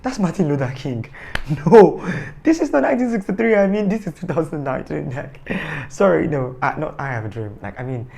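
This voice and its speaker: A man's voice: on the high side, big pitch swings, moderate pace, vocal fry, a little mellow, slight background noise. A man giving a casual, rambling, joking review of a TV series, often correcting himself. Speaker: TV show reviewer.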